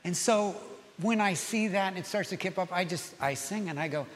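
A man preaching a sermon as pastor, animated and urging, easing into gentle prayer. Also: sits high, moderate pace, in a large hall, a little hiss or hum.

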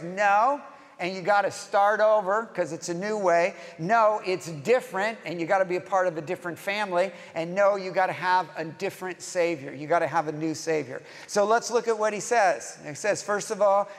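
A man's voice: sits high, moderate pace, big-room sound. A man preaching a conversational sermon, asking the listeners questions and acting out the lines of the people in his story. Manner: conversational, acts out quoted lines, rhetorical questions. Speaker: pastor.

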